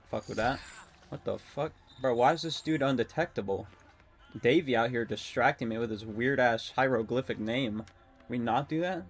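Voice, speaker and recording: A young adult man streaming a game, rambling and excitable, swearing often and talking to his chat. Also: mid-range voice. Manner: talks to chat. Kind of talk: casual live-stream commentary while gaming.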